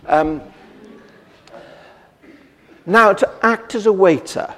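Preacher in a reverberant hall. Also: male voice, high voice, lively intonation, a little slow, long pauses, fairly bright tone. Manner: conversational, with frequent restarts and rhetorical questions. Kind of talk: sermon. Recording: long reverb of a church hall.

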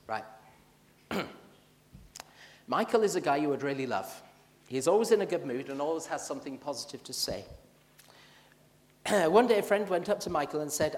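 A man delivers a sermon in a church, his slightly higher voice ringing out into a long reverberant hall. He reads scripture with steady, measured emphasis, pausing to let the lines land. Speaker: preacher. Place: church building.

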